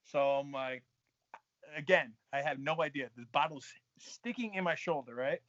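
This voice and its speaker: A man spins a wild story on a podcast, profane and animated, laughing along. His voice is bright and forceful and sits a little high. The sound is dry and dull, like lo-fi podcast audio. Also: normal speed, no echo. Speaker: guest, fighter.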